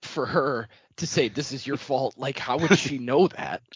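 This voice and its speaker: Husky guy on a book podcast, kinda low, dry muffled sound. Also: normal speed, no room sound. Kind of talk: casual book discussion.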